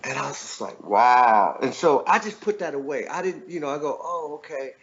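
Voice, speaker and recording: A man's voice: a little high, animated, fast talker, vocal fry, a bit bright, lo-fi sound. A middle-aged man, an author and guest, telling a personal story in a loose, reflective way, often checking in with "right?".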